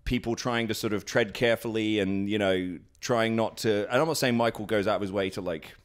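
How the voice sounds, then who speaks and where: A British professional wrestler, interviewed at his house, speaks a little fast in a lowish voice with fairly even intonation. He tells stories casually and rambles, full of fillers and restarts, acting out what people said.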